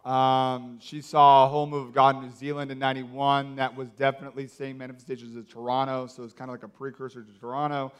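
A man preaching a sermon, telling a story in a casual, filler-heavy way and acting out the people in it with loud outbursts. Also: medium pitch, fast talker, few pauses, clean tone. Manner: animated, acts out quotes with loud outbursts.

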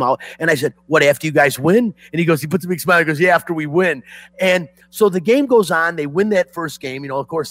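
A middle-aged man from Detroit hosting sports talk, telling a story in an excitable, emotional way. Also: a little high, no room sound. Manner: excitable, emotional, swings loud and soft. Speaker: sports radio host.

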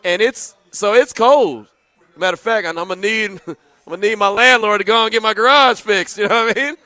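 Male talk radio host, high, bright tone, loose jokey chat, dry studio sound. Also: a little fast, dry recording. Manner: chatty, joking asides.

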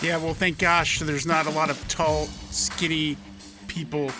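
A man's voice: on the high side, flat delivery, a little slow, over music. A man co-hosting a morning radio show, tossing in dry, short wisecracks and reading promos. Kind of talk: casual radio banter.

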